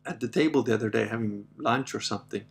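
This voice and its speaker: A man's voice: fairly low pitch, quick pace, gravelly. A middle-aged man hosting a casual livestream, rambling through stories with frequent laughs and reading viewer comments. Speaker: host.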